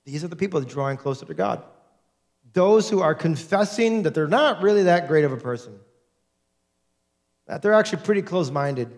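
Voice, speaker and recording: A pastor with a high, light man's voice delivers a sermon. He preaches with animation and slips into the voices of the people he quotes. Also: lively intonation, moderate pace, pauses often.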